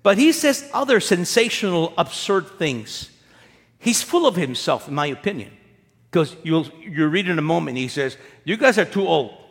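High-voiced male pastor preaching in a reverberant hall. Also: sing-song, moderate pace. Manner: conversational preaching with rhetorical questions. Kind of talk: sermon.

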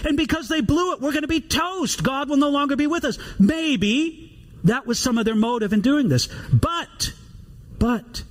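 Animated male preacher, high lively voice. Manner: animated preaching with scripture reading. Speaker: pastor. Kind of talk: sermon.

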